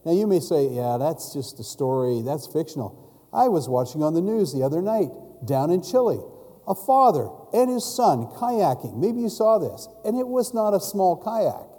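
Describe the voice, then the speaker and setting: A man's voice: on the high side, very animated, moderate pace, mellow. Man preaching in a reverberant hall. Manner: storytelling, asks the congregation questions. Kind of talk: sermon.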